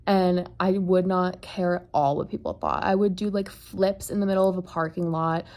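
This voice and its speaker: Soft-spoken woman with a gravelly low voice. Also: normal speed. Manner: soft-spoken, earnest, frequent "like" and "kind of". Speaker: vlogger. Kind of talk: reflective motivational monologue.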